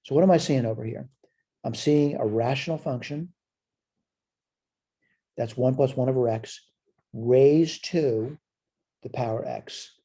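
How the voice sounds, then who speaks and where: A man's voice: mid-range voice, measured pace, pauses often, warm tone. A man teaching a recorded college math lecture. He asks questions and answers them himself, and he repeats short phrases as he points things out on the board.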